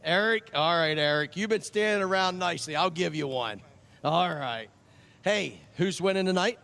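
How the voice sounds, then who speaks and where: A man's voice: sits high, lively intonation, moderate pace, vocal fry, sharp tone. A man working as a track chaplain, chatting with kids in a friendly, joking way and repeating their names back to them, outdoors at a speedway. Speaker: track chaplain handing out ice cream vouchers. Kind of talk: casual chat with kids over a PA.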